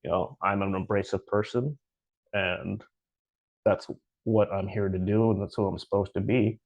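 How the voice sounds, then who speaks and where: Earnest low-voiced podcast co-host. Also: male voice, fairly even intonation, normal speed, muffled recording. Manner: earnest, encouraging, short affirmations. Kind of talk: casual chat.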